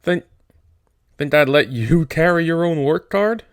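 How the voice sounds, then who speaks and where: A man voicing a small, irritable male ranch hand who scolds in a gruff, exasperated way. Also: a little high, lively intonation, a little slow, dry recording, clean studio sound, pitched above the performer's own voice. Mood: scolding.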